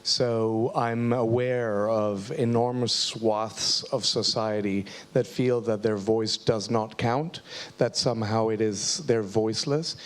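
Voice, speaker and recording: Low-voiced, reflective male panelist. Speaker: panel guest. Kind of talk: live panel discussion.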